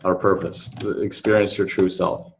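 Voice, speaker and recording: Man interviewer, hesitant, very flat delivery, lo-fi muffled audio, faint noise, typing in background. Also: deep voice, normal speed, creaky. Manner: hesitant, short acknowledgments, thinking aloud. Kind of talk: casual interview talk.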